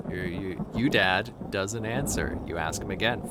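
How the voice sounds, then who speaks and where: A man's voice: deep voice, normal speed, hardly any pauses, background noise. A man playing a horror game on his channel, reading the text aloud and reacting with jokes and laughter. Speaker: let's play host.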